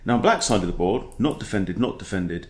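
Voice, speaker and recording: Chatty man, lively low voice. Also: fairly quick. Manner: playful, chatty, throws in silly impressions. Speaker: chess coach. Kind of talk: casual game commentary.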